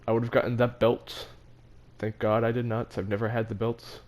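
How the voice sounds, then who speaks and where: A man's voice: mid-range voice, little pitch movement, normal speed, a little mellow. Teenage boy telling a story casually. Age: teens. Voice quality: laughs between phrases, restarts and stumbles. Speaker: vlogger.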